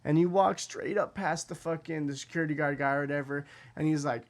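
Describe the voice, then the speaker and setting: A man's voice: a little high, a little fast. A young man telling a story in casual podcast chat, acting out the voices of the people in it and swearing a lot.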